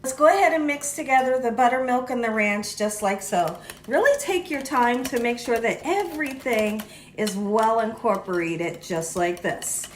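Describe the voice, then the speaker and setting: A woman's voice: fairly high pitch, expressive, normal speed, a little hiss or hum. A woman hosting a cooking tutorial in a kitchen, chatty and often checking in with the viewer. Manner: chatty, frequently checks in with "okay". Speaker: cooking show host. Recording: echoey room.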